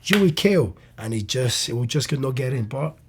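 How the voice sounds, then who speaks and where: A man's voice: mid-range voice, lively intonation, normal speed, slight background noise. A young man, a comedian, telling a story casually, with lots of laughing, fillers and swearing. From Ireland. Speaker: comedian guest.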